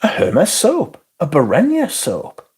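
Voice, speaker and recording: A man's voice: on the high side, huge pitch swings, slow pace, darkish tone, breathy edge. A man hosting a livestream, chatting casually as he reads viewer comments aloud in a blunt, profane, sarcastic way. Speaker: livestream host.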